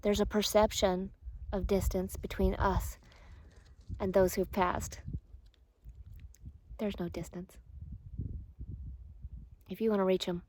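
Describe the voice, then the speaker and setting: A middle-aged woman, a respiratory therapist, telling a personal story in a soft, hushed, earnest way. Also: mid-range voice, level tone, takes it slowly, long pauses, a little hiss or hum.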